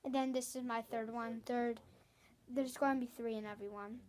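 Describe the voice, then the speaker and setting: A woman's voice: fairly high pitch, steady tone, fairly quick, darkish tone. A woman hosting a casual video, rambling and chatty with apologetic asides. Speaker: video host. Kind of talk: casual vlog chat.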